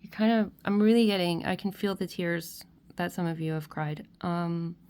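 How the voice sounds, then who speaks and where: A woman giving a spiritual tarot reading to her viewers. She is tearful and emotional, and she speaks gently with many restarts and soft check-ins. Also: on the low side, moderate pace, clear, resonant tone. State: tearful, crying at times. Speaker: tarot reader.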